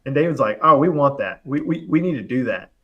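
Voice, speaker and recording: Animated man telling a story on a live show. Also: mid-range voice, husky, lo-fi sound. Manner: animated, fast storytelling full of "like" and acted-out quotes. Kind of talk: casual storytelling chat. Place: live online show, remote.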